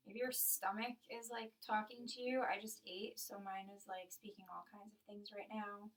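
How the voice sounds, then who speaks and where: A young woman leading a yoga class and guided meditation, talking softly and slowly, sometimes dropping to a whisper. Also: mid-range voice, flat delivery, far from the mic, low-quality recording. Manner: soft, slow instructing, sometimes whispered. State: out of breath. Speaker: yoga teacher.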